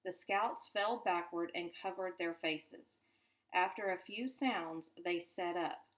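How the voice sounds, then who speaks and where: A teacher reading a chapter book aloud to her class, in an unhurried, lowish voice. She takes each sentence slowly and deliberately, savoring the story. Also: a bit bright. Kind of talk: children's book read-aloud.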